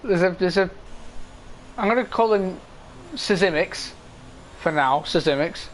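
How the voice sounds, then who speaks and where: A man's voice: high voice, animated, moderate pace, slight background noise. Man commentating esports racing. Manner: casual, reads standings, chats with viewers' comments.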